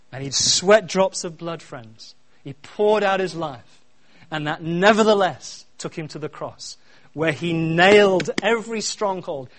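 A middle-aged man preaching a sermon, swinging from quiet asides to loud, repeated refrains. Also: sits high, unhurried. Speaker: pastor.

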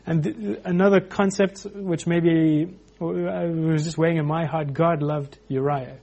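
A man preaching an informal sermon, animated, acting out quotes with frequent restarts. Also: on the high side, unhurried, creaky.

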